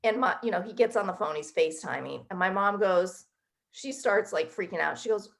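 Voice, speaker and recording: Brief: woman in her 30s, interview guest, chatty emotional storyteller, mid-pitched voice. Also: brisk, gravelly, fairly bright tone. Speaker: guest author.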